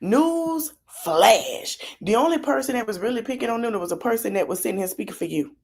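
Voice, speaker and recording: A woman's voice: on the high side, expressive, brisk, a little mellow, slightly rough. A woman hosting a live podcast stream, reacting to a video with blunt, sassy, mocking commentary full of slang. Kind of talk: livestream commentary.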